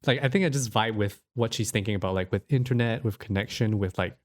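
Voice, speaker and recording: A man's voice: lowish voice, fast talker. A man co-hosting a podcast, chatting casually about films with many fillers and frequent laughs. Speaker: podcast co-host. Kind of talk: casual film discussion.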